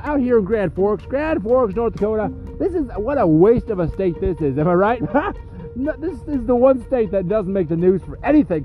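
Man, podcast host, sarcastic and foul-mouthed, stuffy with a cold, high voice, faint music. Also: lo-fi sound. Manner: profane, sarcastic trash talk. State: sniffling with a cold. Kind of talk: rambling crude comedic monologue.

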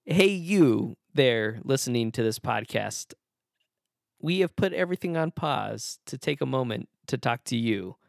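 A man's voice: medium pitch, expressive, unhurried, gravelly, no echo, studio quality. A man co-hosting a casual podcast, playful and jokey, often laughing as he talks. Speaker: podcast co-host.

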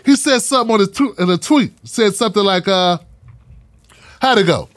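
A man with a high voice talks straight to his audience in a loose, sarcastic monologue, full of slang and mocking asides. His voice is close and dry, with no room around it. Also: expressive, normal speed, no room sound. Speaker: political commentary host. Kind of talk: casual commentary monologue.

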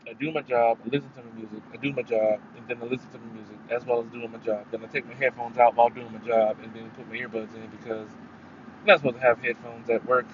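A man's voice: mid-range voice, little pitch movement, fast talker. A man hosting a casual solo podcast, rambling and swearing, with sudden emphatic bursts. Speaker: podcast host. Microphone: headphones mic. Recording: dull lo-fi sound with faint noise.

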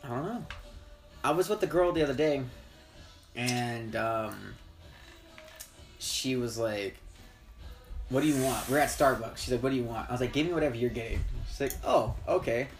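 A man's voice: mid-range voice, moderate pace, long pauses, faint music behind. A young man hosting a podcast, rambling through casual stories with a lot of swearing. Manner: rambling, profane storyteller. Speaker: podcast host. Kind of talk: casual chat.

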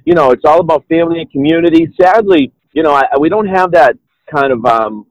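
A man's voice: a little high, a little fast, no echo, rough recording. Rambling Boston-accented man. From Boston area, New England. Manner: rambling, many "you know"s and restarts. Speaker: podcast guest. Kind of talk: casual interview chat.

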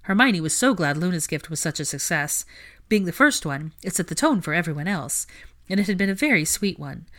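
A woman reading a storybook chapter aloud with a low voice. Her narration is calm and even, with a steady pace from line to line. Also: a little fast. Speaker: audiobook reader.

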